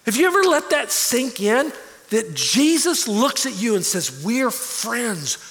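A pastor in his forties preaches with a high, lively voice that leaps up and drops low. He tells stories earnestly, moving from hushed lines to emphatic peaks. A long hall reverb trails every phrase. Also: measured pace. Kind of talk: sermon.

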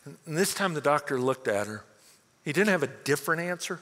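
A man preaching a sermon, earnest, often repeating words as he starts a phrase, moving between loud emphasis and quiet storytelling. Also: fairly high pitch, animated, brisk. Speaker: pastor. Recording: long hall reverb.

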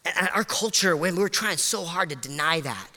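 A man preaching with a high, bright, forceful voice that soars at each emotional peak and sinks to a soft hush between. He mixes fervent appeals with easygoing, self-deprecating asides. The sound carries the long reverb of a large hall. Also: expressive, normal speed. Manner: impassioned, climbing high and loud at emotional peaks, dropping soft and low. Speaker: pastor. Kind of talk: sermon.

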